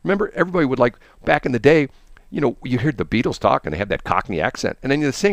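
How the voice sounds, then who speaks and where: Animated, rambling male radio host. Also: mid-range voice, fast, vocal fry, no room sound. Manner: rambling, enthusiastic storytelling with many restarts. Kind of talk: casual chat.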